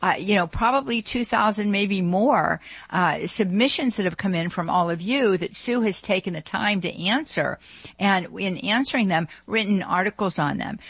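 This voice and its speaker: A woman's voice: lowish voice, a bit bright, slightly rough, no echo. A woman hosting a radio talk show, chatty and enthusiastic, with plenty of fillers, speaking from a studio.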